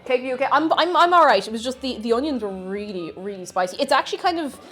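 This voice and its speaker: Young Irish woman from Tipperary, bright-pitched streamer who chats and laughs with her chat while cooking over soft music. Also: expressive, fast talker. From Tipperary, Ireland. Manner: chatty, giggly, greets chat while cooking. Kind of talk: casual cooking livestream chat.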